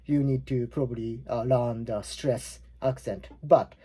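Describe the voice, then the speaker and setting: A man's voice: mid-range voice, steady tone, a little slow, warm tone, husky. A man in his forties with a Japanese accent, teaching a language lesson in a loose, rambling way full of fillers and restarts. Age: 40s. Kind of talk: casual explanatory lesson.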